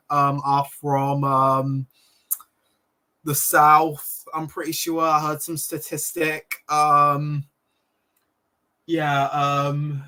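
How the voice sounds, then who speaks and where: Casual male streamer, unhurried, bright tone, rambling. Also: fairly high pitch. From Britain. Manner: rambling, full of ums, giggly asides. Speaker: livestream host. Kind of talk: casual livestream chat.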